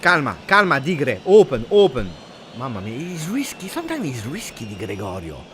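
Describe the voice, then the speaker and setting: A man hosting a live football watch-along, excitable and anxious, chanting repeated words and breaking into shouts. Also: medium pitch, a little fast, slight background noise. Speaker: football fan channel host.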